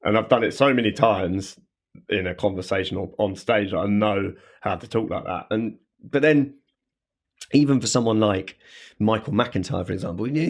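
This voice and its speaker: A man from England with a high-ish baritone, a guest chatting in an interview. He talks in a lively way and slips briefly into other people's voices. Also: normal speed. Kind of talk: casual interview chat.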